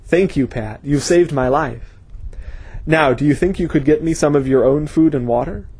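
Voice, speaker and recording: A man voicing a grim, determined man who speaks intensely and forcefully. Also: fairly high pitch, moderate pace, husky. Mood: weak.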